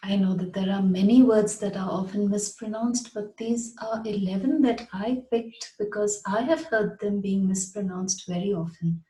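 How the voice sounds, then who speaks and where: A woman teaching English pronunciation in a patient way, saying each word slowly and repeating it. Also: mid-range voice, warm tone, echoey room, poor audio. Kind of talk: slow, deliberate pronunciation lesson.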